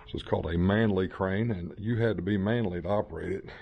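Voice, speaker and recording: Low-voiced joking man in his fifties. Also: fast, gravelly, husky, phone-quality sound. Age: 50s. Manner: playful, joking, chatty. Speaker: vlogger touring a museum. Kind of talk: casual walkthrough commentary. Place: indoor museum hall.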